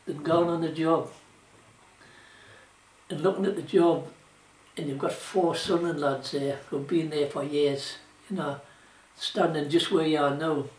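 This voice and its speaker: Recorded from a distance with roomy echo, an older man with a Geordie accent reminisces about his shipwright career for an oral history. Hailing from South Shields, England, he talks a little slowly in a slightly high, fairly even voice, wandering through casual stories laced with "you know" and "like."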